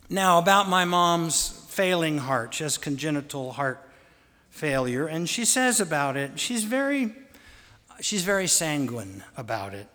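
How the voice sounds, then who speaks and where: A man telling fond, gently humorous family stories in a sermon. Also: a little high, sing-song, slow pace, long pauses. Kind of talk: anecdotal storytelling sermon. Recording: long hall reverb.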